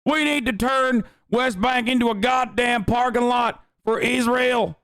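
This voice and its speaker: A man's voice: very high voice, fairly even intonation, unhurried, gravelly, a bit bright, no room sound, voice pushed up, exaggerated voice. A man putting on a mocking voice of a blustering, aggressive male hardliner who talks in a bullying, pushy way.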